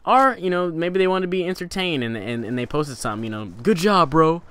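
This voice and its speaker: A young man who runs a gaming channel talks casually through tips in an instructional vlog style, rambling with fillers and restarts. He speaks quickly with a slightly bright, clean tone, his pitch rising and falling for emphasis.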